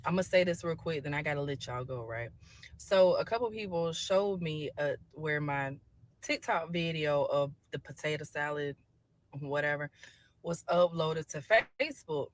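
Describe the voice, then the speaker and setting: A woman's voice: sits low, normal speed. Blunt, defiant woman ranting to camera. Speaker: social media poster. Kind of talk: selfie video rant. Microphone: phone with camera filter.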